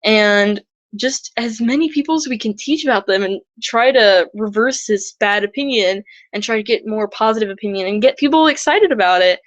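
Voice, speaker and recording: A woman's voice: moderate pace, dry recording. A young woman talking casually and earnestly about reptile conservation in a vlog, chatty with many restarts. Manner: earnest, chatty, mimics other people in high squeaky voices.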